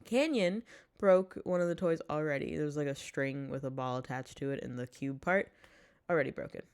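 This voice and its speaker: A woman's voice: sits low, moderate pace, a little mellow, clear, resonant tone. A woman hosting her vlog from her desk at home, chatting in a rambling, casual way, swearing and laughing often. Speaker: vlog host.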